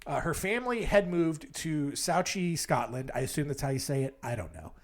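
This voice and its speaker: Lively man hosting a wry podcast. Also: a little high, moderate pace. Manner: wry, digressive, with frequent fillers. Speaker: podcast host. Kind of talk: casual storytelling podcast.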